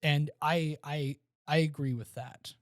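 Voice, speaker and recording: A man co-hosting a podcast, casually reviewing a movie and retelling scenes with animated restarts. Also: a little high, unhurried, no echo, studio quality. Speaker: podcast co-host.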